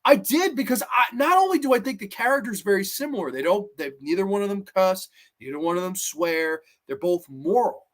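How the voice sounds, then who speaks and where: A man giving casual, animated commentary as a horror movie reviewer, swearing freely and acting out scenes in funny voices. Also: high voice, brisk, hardly any pauses. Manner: animated, profane, acts out quotes in funny voices.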